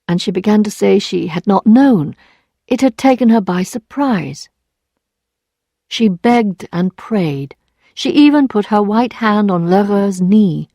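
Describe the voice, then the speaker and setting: Woman narrator, clear even storytelling, mid-range voice, dry close recording. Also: mid-range voice, unhurried, dry recording. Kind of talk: scripted narration for English learners.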